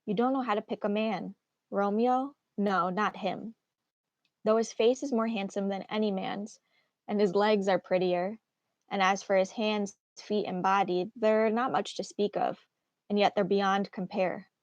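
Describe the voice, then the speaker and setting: A woman's voice: mid-range voice, fairly even intonation, a little slow, dry recording, close to an everyday voice. A woman reading aloud as a grumpy, tired older nurse who complains and dodges questions. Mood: teasing. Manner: complaining, sighing. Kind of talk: read-aloud of a play.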